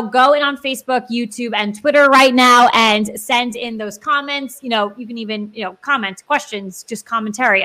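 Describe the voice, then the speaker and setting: A woman's voice: sits high, sharp tone. A woman co-hosting a casual podcast, chatty and upbeat, laughing often. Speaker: podcast co-host.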